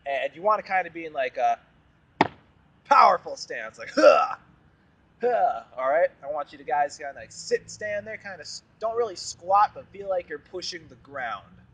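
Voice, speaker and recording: A man's voice: a little high, animated, normal speed, bright, forceful tone, breathy edge, distant mic. Profane young man teaching screaming. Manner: casual and profane, with demonstration screams. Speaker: vocal coach. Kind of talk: casual screaming tutorial.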